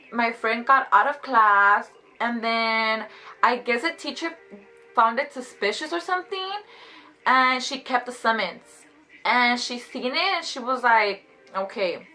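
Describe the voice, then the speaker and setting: Bright chatty young woman vlogger. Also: medium pitch, low-quality recording. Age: 20s. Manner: chatty, fast, heavy use of "like", animated retelling. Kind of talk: casual storytime vlog.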